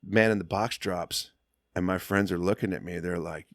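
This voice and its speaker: A middle-aged man, a podcast guest, telling stories in a casual, slangy, animated way and acting out what other people said. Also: sits low, normal speed, no room sound, clean studio sound. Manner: animated, slangy, acts out quotes. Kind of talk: casual storytelling.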